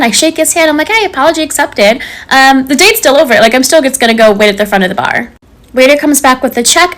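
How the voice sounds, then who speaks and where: High-voiced woman telling a story. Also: a bit bright. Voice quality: high-pitched voice. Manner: chatty, laughs between sentences. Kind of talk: casual storytelling.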